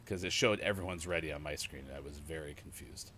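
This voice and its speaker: A man's voice: a bass voice, quick pace, a little hiss or hum. A man co-hosting a morning gaming show, chatting casually while playing and reading out comments with lots of laughter. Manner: animated, laughing, reads out chat comments.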